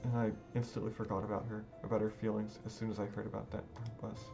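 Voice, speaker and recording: A man's voice: fairly low pitch, level tone, fast talker, vocal fry. A man reading a visual novel aloud in a dramatic, emotional first-person narration over background music. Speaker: gaming video creator. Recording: music playing underneath.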